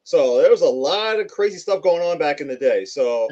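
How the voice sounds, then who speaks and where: A man's voice: a little high, animated, normal speed, a little mellow, dull audio. A man co-hosting a podcast in casual chat, adding background between the host's points.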